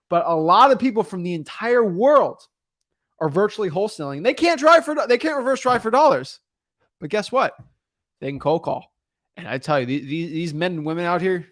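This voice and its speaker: Energetic male podcast host, dry sound. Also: a little high, dry recording. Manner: energetic and emphatic, rambling with restarts. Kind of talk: casual chat.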